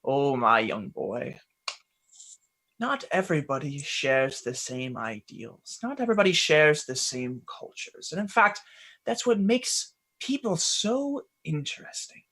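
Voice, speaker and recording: A man voicing a calm, wise male fey mentor who lectures gently and patiently. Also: on the high side, unhurried, exaggerated voice.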